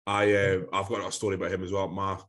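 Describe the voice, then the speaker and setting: A Scottish man with a very low voice co-hosts a casual podcast. He talks in a relaxed way, swearing and dropping "mate" and "aye". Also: quick pace. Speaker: podcast co-host. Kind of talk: casual chat.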